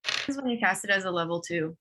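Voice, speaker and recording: A woman playing a tabletop game, asking quick questions and pausing to think. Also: mid-range voice, very noisy. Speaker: player. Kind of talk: casual tabletop game play.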